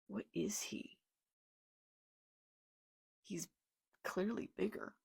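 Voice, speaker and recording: A woman reading a manga live and reacting, excitable and gushing, with gasps and exclamations, reading character lines aloud plainly. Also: on the low side, takes it slowly, vocal fry, pauses often, dry recording, studio quality. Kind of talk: live read-along reaction.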